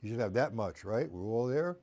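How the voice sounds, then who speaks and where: A man teaching drums on a live stream, talking through exercises in a slow, chatty way, greeting viewers by name and scatting rhythms aloud. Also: medium pitch, lively intonation, a little mellow. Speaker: drum teacher. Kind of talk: live-streamed drum lesson.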